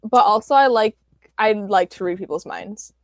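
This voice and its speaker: A woman's voice: medium pitch, moderate pace, no room sound, clean studio sound. A young woman co-hosting a podcast in casual chat, bubbly, laughing often and filling her talk with "like". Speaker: podcast co-host.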